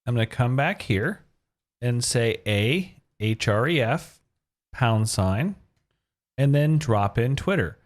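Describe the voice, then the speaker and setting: A man hosts a screen-recorded coding lesson and narrates each step as he types it. His delivery is upbeat, and his pitch moves up and down a lot. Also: animated, slow pace. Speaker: web design tutorial host.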